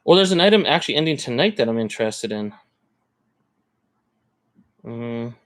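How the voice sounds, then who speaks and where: A man from Canada talks casually on a live stream, rambling and thinking aloud as he goes. His voice sits in a middle pitch. The sound is dry and close, with no room around it. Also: animated, moderate pace, dry recording. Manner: rambling, thinks aloud while browsing listings. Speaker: card collector streamer.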